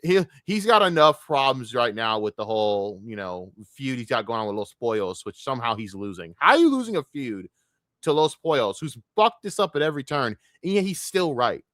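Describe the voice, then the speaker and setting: A man ranting on a live stream in a profane, combative, mocking way. His voice is bright and forceful, and it sounds close and dry with no room echo. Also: medium pitch, big pitch swings, brisk. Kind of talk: casual live-stream rant.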